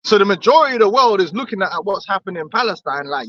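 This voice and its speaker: High-voiced man, blunt and swearing. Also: sing-song, racing, a bit bright, dry recording. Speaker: podcast co-host. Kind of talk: heated religious discussion. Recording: dull lo-fi dry recording.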